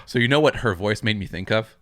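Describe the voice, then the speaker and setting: A man's voice: lowish voice, quick pace, very noisy. A man co-hosting a podcast, chatting casually about politics, restarting his sentences as he thinks aloud. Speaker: podcast co-host.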